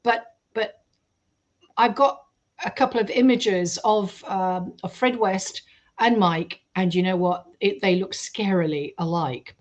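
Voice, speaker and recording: A woman, a guest on a radio show, telling a story in a lively way and acting out the quoted voices. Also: medium pitch, a little slow. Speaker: guest researcher. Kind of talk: storytelling in an interview.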